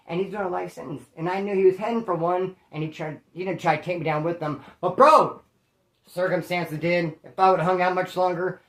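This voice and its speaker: Slangy man telling street stories, roomy echo. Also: fairly high pitch. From Bakersfield, California. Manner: slangy, animated, fond of street talk. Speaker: storyteller host. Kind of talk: casual street storytelling.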